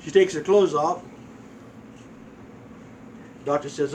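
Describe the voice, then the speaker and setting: A man's voice: on the high side, takes it slowly, pauses often, a little mellow, distant mic, a little hiss or hum, low-quality recording. Profane older man telling crude jokes. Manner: profane, folksy storytelling, acts out voices.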